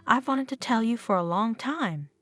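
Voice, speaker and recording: A woman's voice: on the high side, animated, moderate pace, fairly bright tone. Woman reading a smug cheating husband, dismissive, not sorry at all. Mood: defiant. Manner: defiant, dismissive. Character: cold, cheating husband, middle-aged man.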